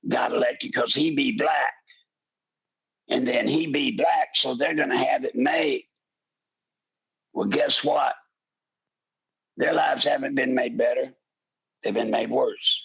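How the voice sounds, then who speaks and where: An older man with a deeply gravelly, creaky voice delivers a fervent talk radio monologue. His tone is husky and rough, and he often climbs into pleading shouts. He sounds like a seasoned show host talking straight to his listeners. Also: a little slow, pauses often, highs cut off. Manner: impassioned, pleading, rising to shouts.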